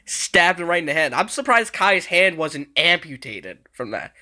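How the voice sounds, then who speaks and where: Bright-voiced man giggling through reactions. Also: a little high, very animated, moderate pace. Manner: giggly, laughing often, casual swearing. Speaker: video creator reacting to show clips. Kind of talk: casual reaction commentary.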